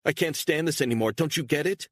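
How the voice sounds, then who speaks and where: A man playing a frightened woman on the run, her voice raised and shrill with panic. She swings between pleading and fury in an audiobook thriller. The sound is dry and close. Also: lively intonation, fairly quick, slightly rough, no room sound. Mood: distraught.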